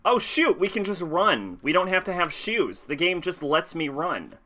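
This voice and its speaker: A man's voice: on the high side, sing-song, moderate pace, sharp tone. A man casually commenting on a video game stream, chatting with viewers and laughing often.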